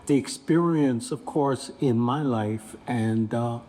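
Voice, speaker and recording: A man in his seventies, a bishop on a panel, telling a story in an unhurried, reflective way. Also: mid-range voice, warm tone. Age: 70s. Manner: unhurried, reflective, acts out quoted voices.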